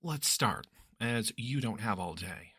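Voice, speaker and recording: A man's voice: expressive, takes it slowly, bright, forceful tone, husky, dry recording, studio quality, heavily acted. A man voicing a cheerful, meddling young woman friend in a teasing, bubbly way. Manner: teasing, bubbly, raises pitch.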